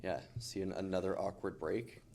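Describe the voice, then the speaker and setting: A man's voice: deep voice, steady tone, normal speed, vocal fry, darkish tone. A man, a chiropractor co-hosting a casual podcast chat.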